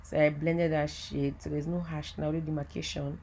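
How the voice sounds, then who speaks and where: Lady doing a makeup voiceover, low voice, chatty and excited, keeps saying guys. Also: brisk, a little hiss or hum. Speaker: makeup artist. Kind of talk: casual voiceover tutorial. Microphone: voiceover mic.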